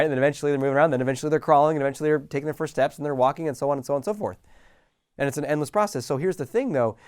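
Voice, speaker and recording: A middle-aged man coaching listeners in a casual, animated talk, acting out small scenes with sighs and laughs. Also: mid-range voice, dry recording, studio quality. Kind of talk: motivational talk to camera.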